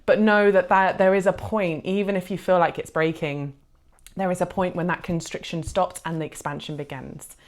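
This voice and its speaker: A woman with a notably low voice gives a pick-a-card tarot reading. She speaks gently and reassuringly, with a heartfelt tone and soft filler words throughout. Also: fairly even intonation, normal speed. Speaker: tarot reader.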